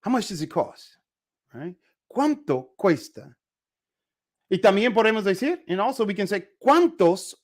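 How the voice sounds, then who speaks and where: Laid-back man teaching Spanish. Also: sits high. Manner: casual, repeats phrases slowly for pronunciation. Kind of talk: live online language lesson.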